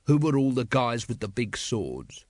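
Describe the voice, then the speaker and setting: A man reading a weary, gloomy male watch captain in an audiobook, speaking slowly and drily. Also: mid-range voice, no room sound. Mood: dry. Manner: slow, dry and flat. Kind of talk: audiobook character voice.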